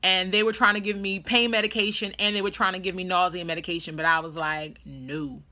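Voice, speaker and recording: Bright-voiced woman vlogger telling a story. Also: on the low side, fairly quick. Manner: animated, dramatic retelling with quoted voices. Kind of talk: casual storytelling vlog.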